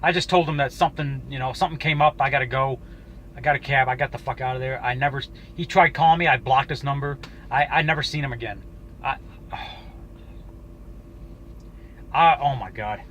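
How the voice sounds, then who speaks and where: A man telling a personal story to camera in a casual, halting way, swearing often and restarting his sentences. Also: mid-range voice, fairly bright tone, slight background noise, rough recording. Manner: profane, halting, with frequent restarts. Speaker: YouTuber.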